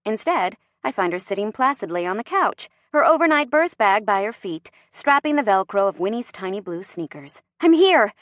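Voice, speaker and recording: A woman narrating a first-person audiobook with lively, wry storytelling. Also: mid-range voice, moderate pace, few pauses, dry recording.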